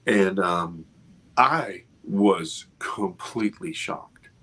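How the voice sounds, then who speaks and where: A man over fifty, an interview guest, telling a story with expressive, restarting speech. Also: low-pitched, drawn-out words, slightly rough. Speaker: interview guest, film producer. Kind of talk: animated storytelling in a casual interview.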